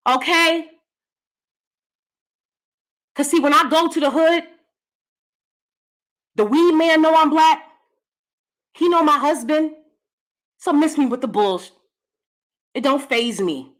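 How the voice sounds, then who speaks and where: American woman commentator, high voice with a wide range, blunt and profane. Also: lively intonation, unhurried, pauses often, fairly bright tone. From United States. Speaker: YouTube commentator. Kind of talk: ranting commentary.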